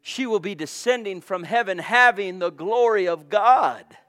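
A man preaching a fervent sermon, swinging between hushed tones and shouting, addressing listeners as brothers and sisters. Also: high-pitched, animated, a little slow.

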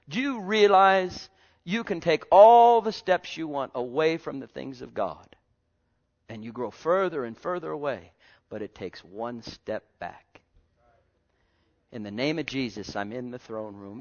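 A man preaching a fervent sermon, calling out to the congregation, dropping to soft low words and rising to loud high exclamations. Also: big pitch swings, measured pace. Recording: dull lo-fi recording.

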